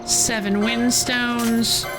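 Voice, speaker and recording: A woman's voice: fairly high pitch, level tone, extremely slow, over music. A woman streamer giving casual let's-play commentary, musing and thinking aloud with curiosity. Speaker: game streamer.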